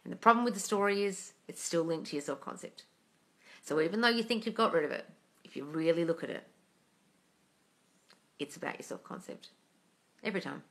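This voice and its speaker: Bright, blunt, sweary woman hosting a live Q&A. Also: lowish voice, animated, fairly quick, pauses often. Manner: blunt and sweary, calls viewers darling. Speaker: manifesting coach and livestream host. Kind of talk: casual live Q&A, reading out viewer comments.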